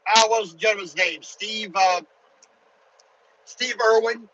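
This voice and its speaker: A man's voice: high-pitched, steady tone, a little slow, pushed and bright, dull audio. A truck driver talking casually to his viewers while driving his truck, in a chatty, rambling way. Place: truck cab on the highway.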